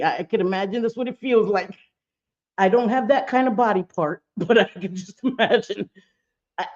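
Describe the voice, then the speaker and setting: A woman's voice: fairly high pitch, a little mellow. A woman in her fifties hosting a casual livestream chat, blunt and profane, laughing often as she talks. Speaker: livestream host. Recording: dull lo-fi stream audio.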